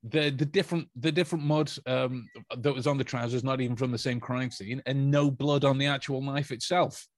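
A man's voice: mid-range voice, fairly even intonation, brisk, few pauses, dry recording. A man hosting a podcast, telling a story in a casual, joking way with lots of stumbling restarts. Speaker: podcast host. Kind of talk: casual chat.

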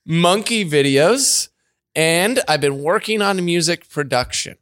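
A man hosting a podcast, chatting casually and telling animated stories, often laughing and acting out voices. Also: a little high, a little slow. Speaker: podcast host. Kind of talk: casual chat.

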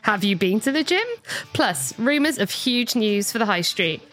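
A woman's voice: mid-range voice, sing-song, normal speed, a bit bright, faint music behind. A woman hosting a consumer podcast, chatty and jokey, often laughing. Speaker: podcast host. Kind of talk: casual chat.

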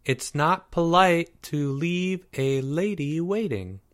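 A man puts on a cheeky schoolgirl with a slightly raised, slow and prim delivery. She sounds teasing and sure of herself. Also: on the high side, a bit bright, pitched above the performer's own voice.

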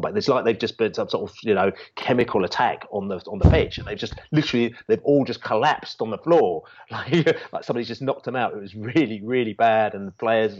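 Man, low pitch, rambling storyteller, fillers and restarts, muffled lo-fi audio. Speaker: football fan channel guest. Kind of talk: casual storytelling. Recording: dull lo-fi sound.

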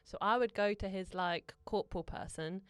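A woman co-hosting a comedy podcast, reacting with loud exclamations and swearing. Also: mid-range voice, normal speed, clean tone, no room sound. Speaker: podcast co-host. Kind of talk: casual comedic chat.

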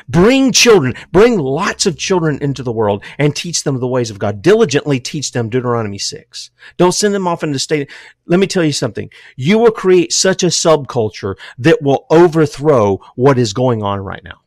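An older man preaching an impassioned sermon. He swings between loud, emphatic declarations and low, hushed drops, and says he is emotional. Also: dry recording, clean studio sound.

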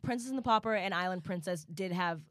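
A young woman co-hosting a podcast in casual chat, agreeable and quick to echo her co-host. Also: lowish voice.

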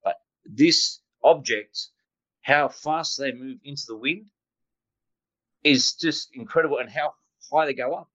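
A man casually recounting a flight, talking in an animated, rambling way with sound effects and restarts. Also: mid-range voice, measured pace. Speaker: guest pilot recounting a sighting. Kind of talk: casual storytelling. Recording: dull lo-fi sound.

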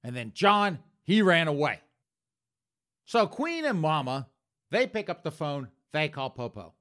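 A man's voice: on the high side, very animated, measured pace, fairly bright tone. A man telling a comic story in a punchy way, addressing his audience as folks. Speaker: comedian. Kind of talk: comedic storytelling.

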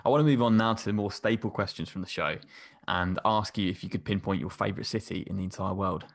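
A man's voice: deep voice, fast. A man hosting a podcast, asking questions with brief, encouraging replies. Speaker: podcast host. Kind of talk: casual interview.

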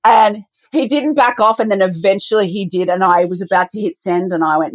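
A woman's voice: fairly low pitch, brisk, few pauses, dry recording. A middle-aged woman, a business co-founder, chatting in an interview and acting out quoted dialogue as she tells stories. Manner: animated storyteller, acts out quoted dialogue. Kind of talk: conversational podcast interview.

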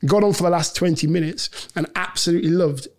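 A middle-aged man, a former footballer and podcast guest, telling a lively anecdote and often laughing. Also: on the high side, fast talker. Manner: animated storyteller, laughs often, acts out quotes. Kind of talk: storytelling anecdote in a podcast interview.

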